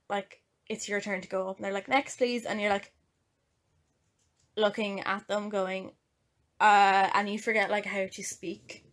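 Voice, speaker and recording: Woman, young adult, Irish accent, podcast co-host, casual chat, animated storytelling, frequent laughter. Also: medium pitch.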